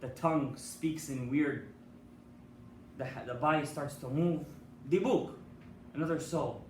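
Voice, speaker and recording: A man's voice: fairly high pitch, measured pace, pauses often. A man, a rabbi, giving a sermon with an emphatic storytelling manner, asking his listeners questions. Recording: echoey hall from far off with faint noise.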